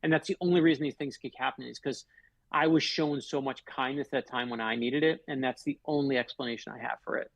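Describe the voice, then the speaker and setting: A man with a gravelly, slightly husky voice that sits a little high for a man, spinning personal stories on a talk show. He talks animatedly and acts out the quoted dialogue. The sound is dry and close. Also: fairly even intonation, fast, no echo, poor audio. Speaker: guest author. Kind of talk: storytelling in a radio interview.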